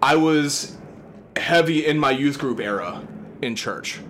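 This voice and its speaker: A man's voice: mid-range voice, animated, takes it slowly, a bit bright, a little hiss or hum. A man in his thirties co-hosting a podcast, ranting in casual chat with comic exasperation and frequent swearing. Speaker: podcast co-host.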